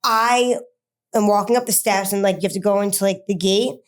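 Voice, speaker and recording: Halting woman telling her story. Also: mid-range voice, fairly even intonation. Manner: halting, many fillers and restarts. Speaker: interview guest. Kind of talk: personal story told in an interview.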